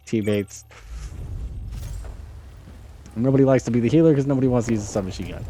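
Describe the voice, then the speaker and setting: A man's voice: medium pitch, rapid-fire, few pauses, warm tone, a little hiss or hum. A man doing live gameplay commentary, swearing freely and ranting in exasperation at his teammates, with incredulous outbursts. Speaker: streamer.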